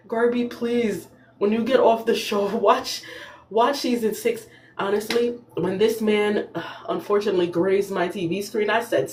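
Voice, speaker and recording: A young woman hosting a casual recap show, talking in a sassy, animated way and laughing as she goes. Her voice sits at a middling pitch and rings in an echoey room. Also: moderate pace. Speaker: podcast host.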